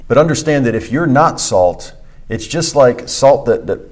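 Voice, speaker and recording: A man's voice: mid-range voice, lively intonation, moderate pace. A man co-hosting a church podcast, teaching conversationally and emphatically, repeating key phrases with frequent fillers. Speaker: pastor and podcast co-host.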